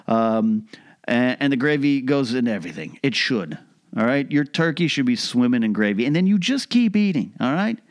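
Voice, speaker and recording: A young adult man delivering a casual, mock-serious comedic monologue with animated, rhetorical asides. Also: medium pitch, moderate pace.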